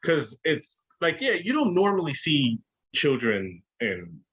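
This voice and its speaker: A man's voice: fairly high pitch, wildly swooping pitch, slow pace, a bit bright, breathy edge. A man guesting on a podcast, chatting casually and profanely about movies, acting out lines in mocking voices. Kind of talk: casual chat.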